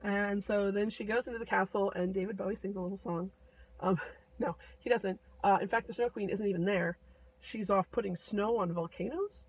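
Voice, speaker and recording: A woman's voice: medium pitch, steady tone, moderate pace, husky, distant mic, low-quality recording. A woman casually retelling a fairy tale in a chatty, irreverent way, full of fillers. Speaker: storyteller.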